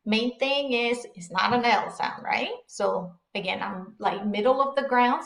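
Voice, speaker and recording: A woman teaching a beginner language lesson, pronouncing syllables one by one with slow, careful enunciation. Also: medium pitch, animated, echoey room. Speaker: Spanish teacher.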